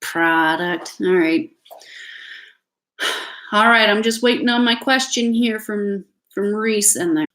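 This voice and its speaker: A Canadian-accented woman with a mid-range, slightly bright voice gives a live tarot reading from home, speaking slowly and pausing often. She's chatty and reassuring, full of fillers and restarts, while family noise carries nearby on a rough recording.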